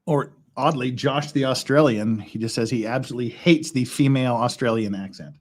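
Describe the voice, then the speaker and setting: A man's voice: medium pitch, a little fast, a little mellow, slight background noise. A man hosting a casual livestream, rambling and chuckling as he builds Lego and counts pieces aloud. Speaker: stream host.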